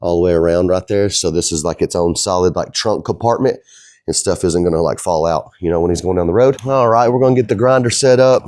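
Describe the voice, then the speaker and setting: A man's voice: low voice, a little fast, darkish tone, no echo, clean studio sound. A middle-aged man, the owner of a fabrication shop, talking casually in a rambling, folksy way as he works. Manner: easygoing, rambling, folksy talk.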